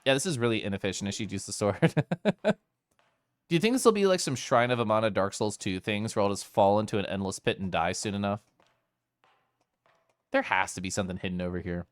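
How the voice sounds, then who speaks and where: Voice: deep voice, fairly quick, long pauses, dry recording. A streamer casually chatting with viewers while playing a game, giggly and playful. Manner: giggly, playful, talking to chat. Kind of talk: casual live-stream gameplay chat. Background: faint game music.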